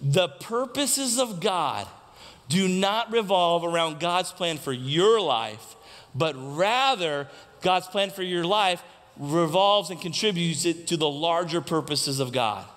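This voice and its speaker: A man with a fairly high voice delivers a sermon from the pulpit. He asks the congregation questions and repeats his main points for emphasis. His voice carries a long hall reverb from the church sanctuary. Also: lively intonation, unhurried, a bit bright. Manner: preaching with rhetorical questions to the congregation; repeats key lines for emphasis. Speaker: pastor.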